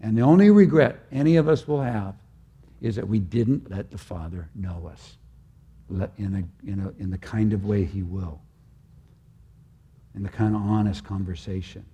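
An older man preaching a sermon in an earnest, halting way, often restarting his phrases. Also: lowish voice, warm tone, slightly rough.

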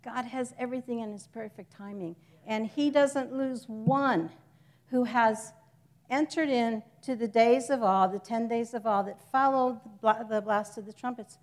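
A woman's voice: fairly high pitch, normal speed. Woman teaching a chatty church lesson. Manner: chatty, jokes with the congregation, self-correcting. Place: church hall with a congregation.

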